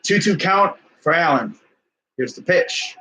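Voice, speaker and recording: Young man, casual play-by-play, wry asides, slightly high voice. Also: animated, a little slow, pushed and bright, poor audio. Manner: laid-back, wry asides between pitches. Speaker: host of a live sports reaction stream. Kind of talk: casual live play-by-play reaction.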